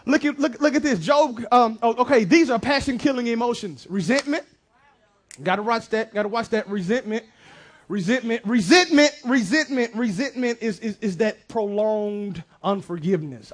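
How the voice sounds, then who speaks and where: A male pastor, preaching a lively, joking sermon to his congregation with shouted bursts. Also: very high voice, normal speed. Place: church sanctuary.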